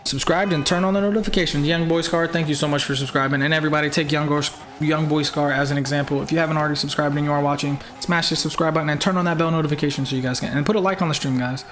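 A man's voice: a little high, steady tone, rapid-fire, hardly any pauses, fairly bright tone, faint music behind. A young man hosting a live game stream in casual chat, greeting viewers by name and firmly repeating himself.

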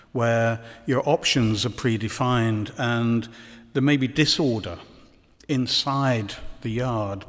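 A man giving a conference lecture, hesitant with many ums and dry ironic asides. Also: medium pitch. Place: lecture hall. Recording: long hall reverb.

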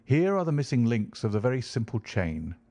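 A man voicing an aloof detective who explains his reasoning in a measured, professorial way. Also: medium pitch, big pitch swings, mellow, no room sound. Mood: lecturing. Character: cool, lecturing male detective, aloof.

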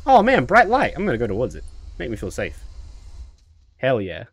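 A man's voice: mid-range voice, wildly swooping pitch, normal speed, breathy edge, no room sound, pitched below the performer's own voice, exaggerated voice. A man mimicking a cheery, oblivious man who is unfazed by horror, in goofy and dopey enthusiasm. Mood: oblivious glee.

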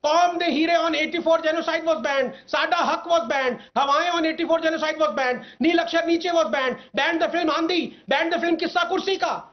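A man's voice: very high-pitched, a little fast, few pauses, lo-fi sound. A man arguing emphatically as a panelist in a televised debate, rattling off long lists.

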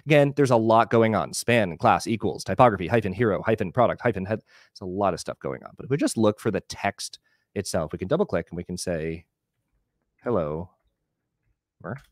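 A man giving a relaxed live screen-share tutorial on a video call, explaining as he clicks through. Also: on the low side, brisk, no echo, studio quality. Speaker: webinar instructor.

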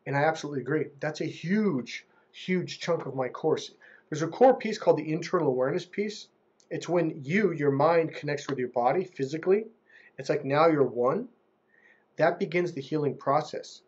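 A man giving relationship coaching in a casual monologue to camera. He talks in an animated way and mimics how other people speak. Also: on the high side, moderate pace, husky, lo-fi sound.

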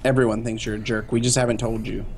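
A man's voice: on the low side, level tone, fast talker, slight background noise. A young man playing a game with a friend, teasing him playfully and bursting into mock outrage. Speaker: co-player, guest. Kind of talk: casual gaming chat.

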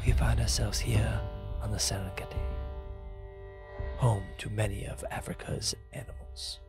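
Man doing a gravelly old nature documentary narrator. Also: fairly low pitch. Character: hushed elderly male wildlife documentary narrator. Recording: guitar music underneath.

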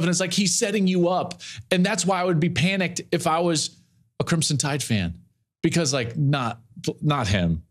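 A man in his forties hosting a college football podcast, talking emphatically, repeating phrases and swinging his pitch widely for emphasis. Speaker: podcast host. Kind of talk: animated sports commentary monologue.

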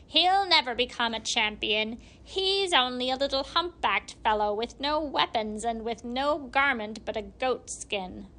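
A woman's voice: fairly high pitch, animated, measured pace, hardly any pauses, pushed and bright. A woman voicing a cruel, crooked old hag with long teeth who shrieks in fury. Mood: angry. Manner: shrieking, furious.

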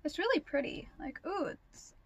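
A young woman vlogger chatting casually through an unboxing, gushing and excitable with lots of gasps and fillers. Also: sits high, normal speed, creaky, dry recording.

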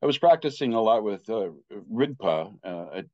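An older man in his sixties telling his personal story as a Buddhist teacher. His voice sits low, and he talks haltingly, often restarting his sentences. The recording sounds dry and a little muffled. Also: lively intonation, dry recording. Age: 60s. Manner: halting, with frequent restarts and filler.

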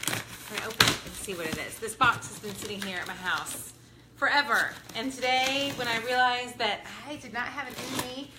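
A woman hosting a live unboxing from her home, bubbly and excited, greeting viewers by name. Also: on the high side. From Ohio, US. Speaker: product review livestream host. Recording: echoey room with background noise.

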